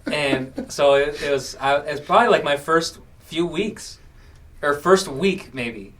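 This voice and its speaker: Speaking at a measured pace, this man's voice sits on the high side and sounds distant from the microphone. He's a podcast host in his late twenties who keeps things casual, bringing his stories to life by acting out what people said.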